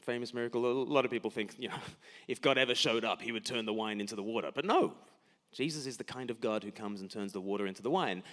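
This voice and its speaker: A man's voice: lowish voice, fast talker, fairly bright tone. A man preaching a sermon in a church, emphatic, with rhetorical questions and repeated words at the start of his sentences.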